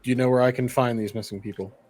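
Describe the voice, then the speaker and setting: A man playing in a tabletop game, speaking in character in a calm, measured way. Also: mid-range voice. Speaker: player.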